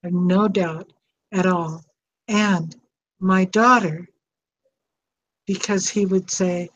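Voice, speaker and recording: A woman's voice: fairly low pitch, fairly even intonation, takes it slowly, pauses often, muffled recording, slight background noise. An older woman hosting an advice talk, speaking in an earnest, reflective way. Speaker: host.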